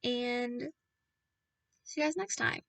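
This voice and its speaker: A woman reading a children's book aloud in a lively, expressive way. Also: on the high side, slow pace, creaky, distant mic. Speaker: audiobook reader.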